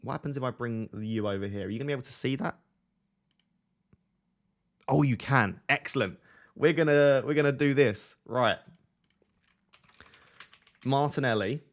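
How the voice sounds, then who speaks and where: Young guy streaming, chatty and self-mocking, mid-pitch voice. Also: moderate pace, pauses often. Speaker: fantasy football streamer. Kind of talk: casual live-stream chat.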